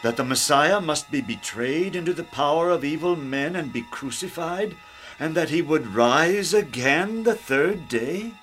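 A man playing a second angel in a radio drama, gentle and earnest. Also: on the high side, lively intonation, measured pace, soft background music. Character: second angel, calm male herald.

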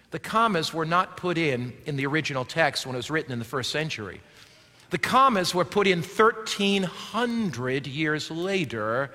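A male pastor preaching a sermon, swinging from loud declaiming to a hushed near-whisper and asking his listeners rhetorical questions. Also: a little high. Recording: long hall reverb.

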